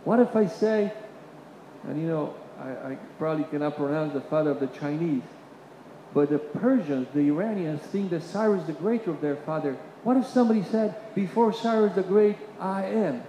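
A man preaching a sermon. He builds to emphatic peaks, drops into quiet asides, and repeats phrases while he searches for words. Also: on the high side, lively intonation, moderate pace. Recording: reverberant hall, faint room noise.

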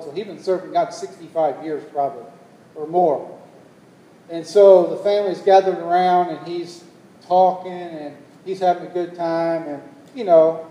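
High-pitched preacher guy, mellow, long hall reverb, rising to emphatic calls. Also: distant mic. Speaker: pastor. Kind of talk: sermon. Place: church hall.

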